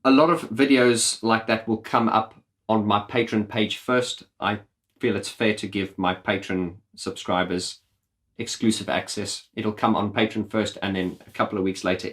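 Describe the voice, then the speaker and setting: A YouTube channel host gives an earnest, impassioned direct-to-camera rant, cursing bluntly. He speaks at normal speed in a fairly low voice.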